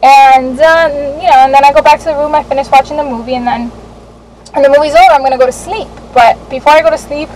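High-voiced woman telling a candid story. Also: quick pace, slight background noise, rough recording. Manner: animated, candid, swears and laughs while telling a story. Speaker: vlogger.

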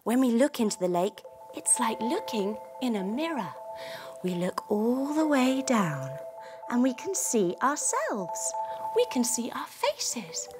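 A woman telling a story as a yoga teacher for children, playful and animated while she gives gentle instructions. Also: on the high side, unhurried, over music.

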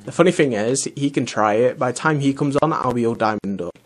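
A man's voice: mid-range voice, a little fast. A young man, casually rambling and swearing as he commentates his own gameplay. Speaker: let's play host.

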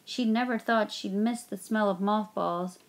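A woman narrating a children's storybook aloud, giving the characters gentle voices. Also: mid-range voice, measured pace. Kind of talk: storybook reading.

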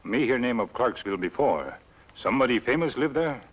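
Tonto, a terse frontier companion. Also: male voice, medium pitch, animated, brisk, breathy edge. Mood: curious. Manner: clipped broken English. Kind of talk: 1950s TV western acting. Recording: muffled old TV soundtrack.

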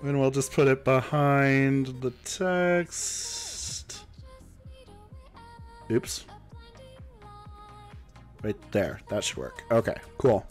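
A man's voice: mid-range voice, big pitch swings, very slow, pauses often, soft background music. A young man live-streaming a game and chatting casually with viewers, a little sick, with a cough.

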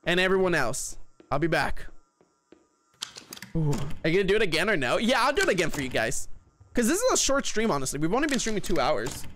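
A man's voice: sits high, rapid-fire, a little hiss or hum. A man streaming a horror game, talking to his chat and shrieking whenever something scares him. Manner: excitable, shrieks when scared. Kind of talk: live gameplay commentary.

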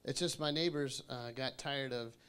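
A man performing a stand-up set, telling punchy stories and slipping into quick impressions. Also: medium pitch, clean tone. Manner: punchy storytelling, animated impressions of people. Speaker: stand-up comedian.

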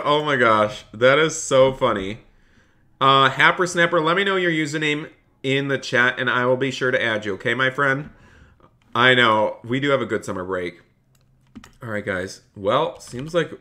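Bright, upbeat man streaming live. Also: mid-range voice. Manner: upbeat, reads chat aloud and answers viewers. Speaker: game streamer. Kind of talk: live-stream commentary while playing.

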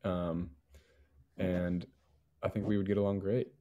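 A man with a lowish voice talks as a podcast guest from a band. He is relaxed and a little hesitant, filling pauses with ums as he thinks aloud. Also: phone-quality sound. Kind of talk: casual chat.

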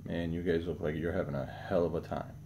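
Talking fairly quickly in a steady tone, a man shares his day and his dogs in a casual vlog, thinking out loud. When he speaks to the pets, he goes soft and uses a higher baby voice; faint background noise is present.

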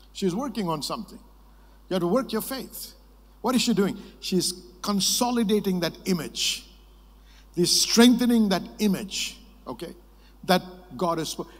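A man preaching a sermon with a slightly raised pitch, telling stories and calling on the crowd to answer. His voice rings with the long reverb of a large conference hall. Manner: lively storytelling, prompting the congregation to answer.

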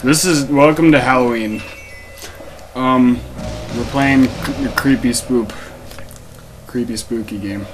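A man's voice: medium pitch, slow pace, pauses often, over music. A young man hosting a casual gameplay commentary, rambling and joking with many restarts. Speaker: let's play host. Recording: noisy home recording.

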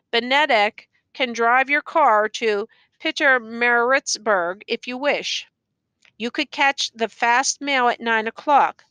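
A woman narrator gives voice to a dutiful police captain who speaks with careful, formal gravity. The reading is bright and close, with a dry sound. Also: on the high side, clean tone, dry recording. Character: formal police captain, man, respectful and grave.

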